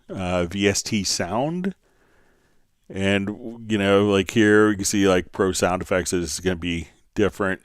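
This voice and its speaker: A man hosting a live software tutorial, answering viewer questions and thinking aloud as he clicks through menus. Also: sits low, clear, resonant tone, dry recording, clean studio sound. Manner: thinking aloud, many fillers.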